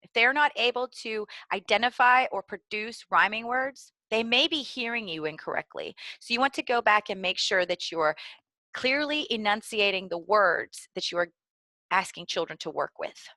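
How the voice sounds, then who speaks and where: A woman giving clear, deliberately enunciated instructional narration for preschool teachers. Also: mid-range voice, animated, bright, forceful tone, no echo. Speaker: early literacy trainer.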